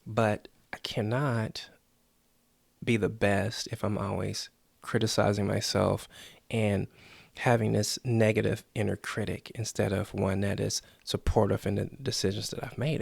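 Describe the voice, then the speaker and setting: A man's voice: on the low side, little pitch movement, a little slow, creaky, breathy edge, no room sound. A man hosting a motivational podcast, coaching earnestly and acting out the inner voices people hear. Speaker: podcast host.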